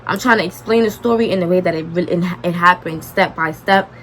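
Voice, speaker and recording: A woman's voice: fairly low pitch, fairly quick, a little hiss or hum. A young woman vlogger, telling a dramatic storytime and acting out the dialogue. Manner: animated, dramatic retelling with quoted dialogue. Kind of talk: storytime vlog.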